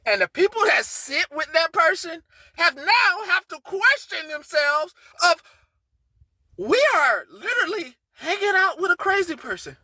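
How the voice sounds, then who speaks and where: A woman hosting a livestream, ranting with heavy profanity and swinging between low, muttered lines and shouted outrage. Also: sing-song, unhurried, dry recording. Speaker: livestream host. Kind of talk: heated livestream rant.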